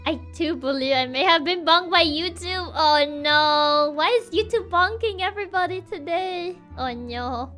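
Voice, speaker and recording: A woman's voice: extremely high pitch, measured pace, few pauses, pushed and bright, faint music behind. A young woman streamer telling a story on a livestream in a playful, giggly, chatty way.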